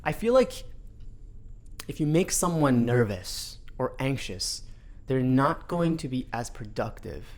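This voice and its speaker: A man hosting a workplace podcast in a loose, rambling way, ready to make fun of himself. His voice sits at an ordinary middle pitch and he sounds easygoing. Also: unhurried. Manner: relaxed, rambling, self-deprecating. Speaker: podcast host, company boss. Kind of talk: casual podcast conversation.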